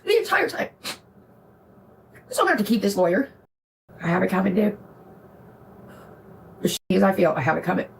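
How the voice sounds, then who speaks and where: A woman's voice: medium pitch, sing-song, brisk, creaky, pauses often, a little hiss or hum. Distraught woman streamer rambling near tears. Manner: rambling, self-pitying, repeats herself. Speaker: live streamer. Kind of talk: tearful live-stream confession.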